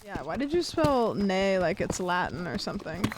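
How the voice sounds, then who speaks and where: A woman's voice: mid-range voice, very animated, moderate pace. Goofy young woman streaming a game. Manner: goofy, joking, rambling asides. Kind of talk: casual gameplay chat. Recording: noisy game stream audio.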